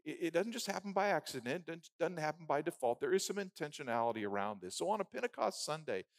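A man preaching a sermon who builds phrases into rhythmic lists and drops from loud emphasis to a hushed, prayerful murmur. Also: a little high, very animated, fast talker, dry recording, clean studio sound.

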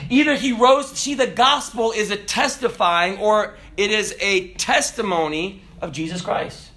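A man preaching a sermon, emphatic and animated, with dramatic pauses. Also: sits high.

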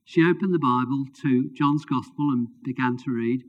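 Preacher telling a story in a sermon. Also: male voice, mid-range voice, fairly even intonation, normal speed, few pauses. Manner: informal, self-deprecating asides. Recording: dull lo-fi recording.

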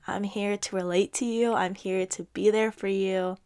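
A woman's voice: medium pitch, fairly even intonation, moderate pace, darkish tone, clear, resonant tone. A young woman hosting a podcast, talking in an earnest, encouraging way, a little stuffy, often dropping to a near whisper. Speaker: podcast host. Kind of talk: reflective faith-based podcast monologue.

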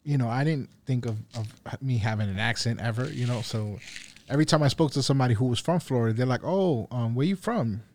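A man's voice: mid-range voice, fast talker, darkish tone, a little hiss or hum. A man with a New York accent, joking and cursing as he co-hosts a casual chat. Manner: joking, profane, interjecting. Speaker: podcast co-host.

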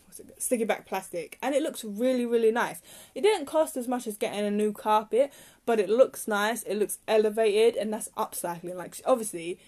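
A woman's voice: medium pitch, mellow. Chatty woman, rambling rants. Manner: rambling, chatty, heated when ranting. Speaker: podcast host. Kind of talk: casual solo chat.

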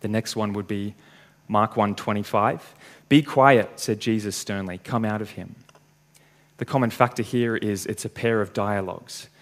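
A man's voice: fairly low pitch, level tone, moderate pace. Man preaching a verse-by-verse sermon. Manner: explains verse by verse, reading scripture aloud.

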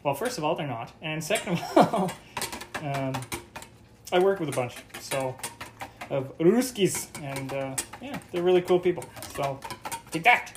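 His voice is a little high and expressive, and he takes his time while hosting a casual solo podcast from his home kitchen. The Canadian man rambles, jokes, and swears over breakfast prep, with noisy clattering of dishes and cutlery.

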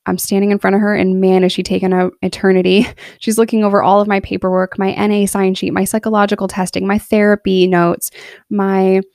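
A woman's voice: medium pitch, little pitch movement, brisk, darkish tone, dry recording, clean studio sound. A woman in her thirties telling her personal story in a candid, earnest monologue, emotional in places. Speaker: podcast storyteller.

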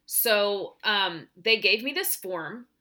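Animated, bright-voiced woman telling a story. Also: medium pitch, slow. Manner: animated storytelling, swears freely. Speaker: teacher and podcast co-host. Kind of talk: casual chat.

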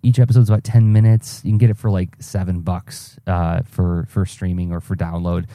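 A man with a low, very mellow and dark voice talks through a personal story on his podcast. He rambles, restarts sentences and fills gaps with ums, sounding dry and close to the mic. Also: level tone, brisk, dry recording. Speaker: podcast host. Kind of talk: casual solo podcast monologue.

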